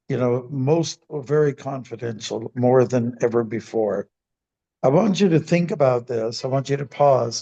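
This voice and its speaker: Gravelly-voiced man giving a temple sermon. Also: mid-range voice, warm tone, muffled recording. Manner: deliberate, with emphatic repetition. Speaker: monk giving a scripture class.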